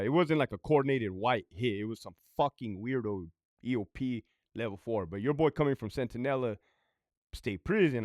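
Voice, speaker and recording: Profane and blunt, a man who once worked as a prison sergeant shares a story in an offhand monologue. His voice is mid-range, and the studio recording is clean with no room sound.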